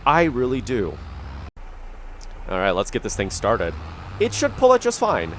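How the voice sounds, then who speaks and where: A man's voice: medium pitch, huge pitch swings, measured pace, fairly bright tone, slight background noise. Man chatting loosely over a farming game. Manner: rambling, easygoing, lots of ums. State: has the hiccups. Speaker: gaming YouTuber. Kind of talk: casual gameplay commentary.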